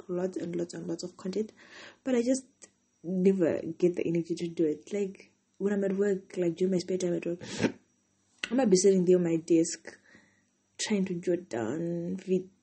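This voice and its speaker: Tired, husky-voiced young woman. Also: fairly low pitch, dark tone. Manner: chatty, rambling, heavy use of "like". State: tired, yawning. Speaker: podcast host. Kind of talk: casual solo venting podcast.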